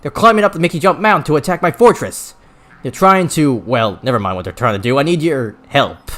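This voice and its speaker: A man's voice: fairly high pitch, animated, brisk, fairly bright tone. A man voicing an anxious male cartoon rabbit ruler from a video game, reading his lines aloud in a raised, urgent voice. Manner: raised, urgent, strained delivery.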